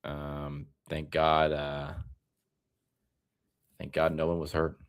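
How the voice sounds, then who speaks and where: A young man from Florida hosting a casual live stream, rambling in a tired, relaxed way. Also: rumbling low, slow, clear, resonant tone, dull audio. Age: young adult.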